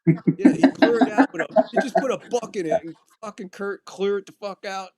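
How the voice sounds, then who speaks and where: Over a noisy crowd, a podcast host with a high voice talks a little fast, telling stories casually. He swears a lot and animatedly acts out quotes.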